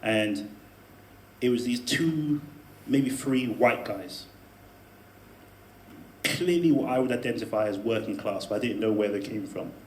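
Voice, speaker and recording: A man telling a personal story to a live audience in a debate speech, animated, with laughing asides and emphatic peaks. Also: on the low side, unhurried, slight background noise. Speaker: debate speaker. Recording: echoey room with faint ambience.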